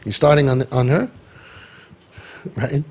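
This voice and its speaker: A man guiding parents in an impassioned talk, forceful and sarcastic, peppering his speech with Hebrew and Yiddish terms. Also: mid-range voice, animated, slow, husky. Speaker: parenting guide.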